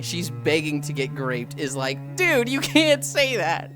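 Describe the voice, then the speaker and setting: A young woman livestreamer chatting casually, animated, swearing freely and acting out quotes. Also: low-pitched, normal speed, soft background music. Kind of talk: casual chat.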